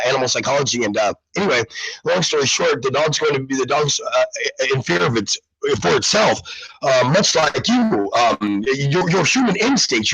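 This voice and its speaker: A sick man hosting a live talk show, rambling through the news with lots of restarts and ums. His voice sounds husky and slightly rough. The recording is dry and close. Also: medium pitch, a bit bright, no room sound, poor audio. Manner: rambling, many restarts and fillers. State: sick, under the weather.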